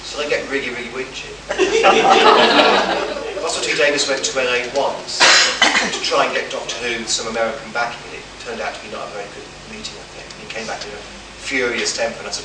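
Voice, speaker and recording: A man's voice: medium pitch, fairly quick, hardly any pauses. An English man with a stammer, telling self-deprecating, humorous anecdotes as a guest writer on a convention panel, often restarting his sentences. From England. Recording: echoey room from far off, noisy.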